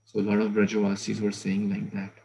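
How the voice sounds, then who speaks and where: A man's voice: fairly low pitch, completely flat delivery, brisk, vocal fry, dark tone, low-quality recording. A man giving a conversational scripture class, asking listeners rhetorical questions and murmuring "hmm".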